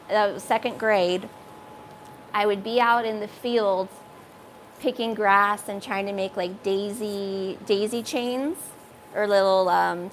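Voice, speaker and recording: An adult woman telling a personal story in a rambling, halting way, full of fillers and restarts. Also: mid-range voice, slight background noise.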